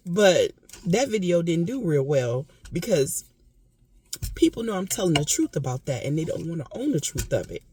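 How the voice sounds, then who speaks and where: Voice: medium pitch, big pitch swings, normal speed, warm tone, slight background noise. A vlogger giving impassioned casual commentary, emphatic and repetitive, with occasional coughing. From United States.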